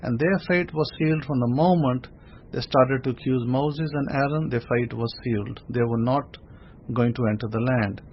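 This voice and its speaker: A man's voice: medium pitch, moderate pace. A man teaching a Torah study sermon in a conversational preaching style, asking rhetorical questions and repeating words as he builds a point. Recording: dull lo-fi recording with faint noise.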